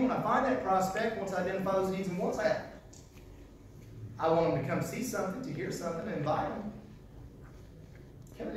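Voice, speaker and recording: A man teaching a live sales seminar in a folksy, animated way, repeating his key phrases. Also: on the high side, noisy background. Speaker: sales trainer. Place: large echoey hall. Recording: echoey hall, voice from far off.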